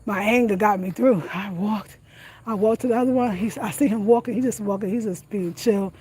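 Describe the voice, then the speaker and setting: Medium in pitch, fairly quick, a little mellow and husky, a woman chats to her camera. She laughs often and keeps things casual and slangy, vlogging from a country road at night and then from home.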